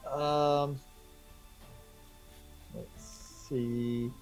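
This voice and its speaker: Slow, hesitant man narrating a game. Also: mid-range voice, steady tone, faint music behind. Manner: hesitant, many fillers. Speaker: game master.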